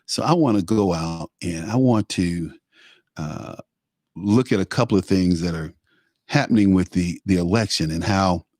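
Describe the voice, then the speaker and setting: A man's voice: low-pitched, moderate pace, darkish tone, no echo, clean studio sound. A man hosting a live talk show, delivering an opinionated, rambling monologue full of fillers and restarts.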